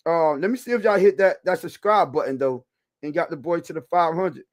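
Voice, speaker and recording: A man's voice: fairly high pitch, brisk, no echo. A man co-hosting a live-streamed football talk show, chatting loosely with viewers and laughing often. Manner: loose, rambling, with restarts. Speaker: podcast co-host on a live stream. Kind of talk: casual live-stream chat.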